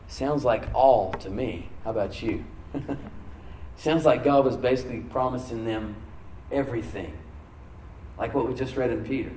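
Man, pastor, sermon, emphatic slowed-down stress, roomy echo, faint background hum. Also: mid-range voice, warm tone, recorded from a distance. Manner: emphatic preaching, slows down to stress key words. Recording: echoey room, from off mic.

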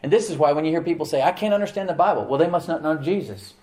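A man's voice: a little high, very fast, a little mellow. A middle-aged man preaching a sermon as pastor, talking conversationally and often asking the congregation questions.

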